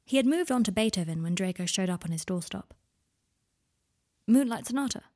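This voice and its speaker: A woman's voice: fairly low pitch, expressive, fast talker, darkish tone. Woman narrating a story intimately. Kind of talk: scripted narration of fan fiction.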